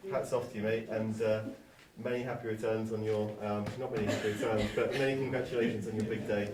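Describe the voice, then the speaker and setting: A jokey man toasting a friend amid loud guests. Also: lowish voice, level tone, quick pace. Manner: jokey, affectionate. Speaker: wedding guest giving a speech. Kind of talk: wedding toast. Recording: roomy hall, distant mic, very noisy. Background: loud crowd of guests.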